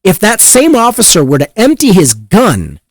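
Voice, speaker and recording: A man's voice: sits high, huge pitch swings, moderate pace, no echo, studio quality. A man hosting a podcast, ranting in exasperated, profanity-laced commentary on the news. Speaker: podcast host.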